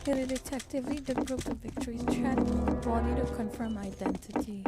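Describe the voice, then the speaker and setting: A woman's voice: fairly high pitch, brisk, over loud music. A woman streaming a game in casual commentary, exasperated and self-mocking.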